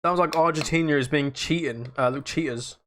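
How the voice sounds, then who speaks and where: A young man hosting a casual livestream, chatting to viewers in a rambling, slangy way that jumps between loud outbursts and low mutters. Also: a little fast.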